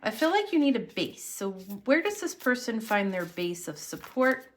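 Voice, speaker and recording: A woman's voice: a little high, sing-song, normal speed, a little hiss or hum. A woman giving a casual tarot reading to camera, earnest and encouraging as she speaks straight to the viewer. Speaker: tarot reader.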